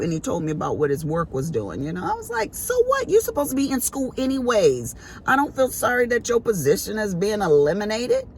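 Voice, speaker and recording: A woman's voice: low-pitched, slight background noise. A middle-aged woman vlogging, telling a family story to her viewers in a chatty, emphatic, colloquial way.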